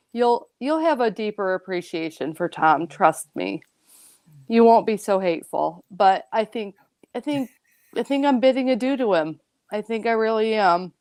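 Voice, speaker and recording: A woman's voice: medium pitch, clear, resonant tone, no echo, clean studio sound. Emotional, earnest woman football fan. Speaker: guest commentator. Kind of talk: casual sports podcast chat.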